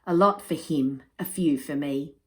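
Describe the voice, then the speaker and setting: A woman reading aloud, voicing a sensible young boy who explains things slowly and carefully. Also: low-pitched. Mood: explaining.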